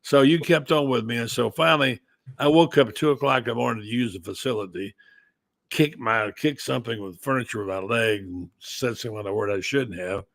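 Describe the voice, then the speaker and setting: An older man hosting a sports talk show, chatting casually and telling folksy stories in drawn-out phrases. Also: medium pitch, gravelly, a bit bright, no echo. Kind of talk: casual chat.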